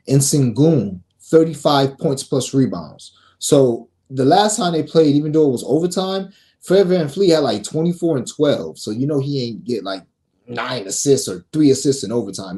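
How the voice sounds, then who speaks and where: A man's voice: medium pitch, expressive, normal speed, warm tone. A man hosting a sports betting show, reading picks in a brash, profane, casual way and scolding his viewers.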